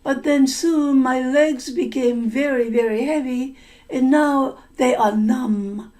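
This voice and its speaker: Woman doing a young girl, apologetic and pleading, high voice, slow storybook telling. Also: a little mellow. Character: remorseful young girl pleading with her mother. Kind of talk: storytelling for language learners.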